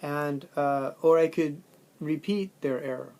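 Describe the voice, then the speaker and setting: A man giving a loose, unscripted lecture, thinking aloud as he goes. His talk is full of fillers and restarts. Now and then he acts out quick exchanges between a student and a teacher in a questioning tone. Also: fairly high pitch, fairly even intonation, a little mellow. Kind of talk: casual lecture recording.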